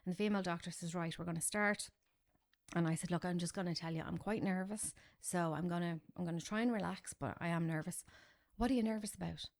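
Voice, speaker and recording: A gravelly-voiced woman telling her story. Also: lowish voice, fast. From Ireland. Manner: candid, animated storytelling with self-deprecating asides. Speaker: guest. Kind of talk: personal story in a podcast interview.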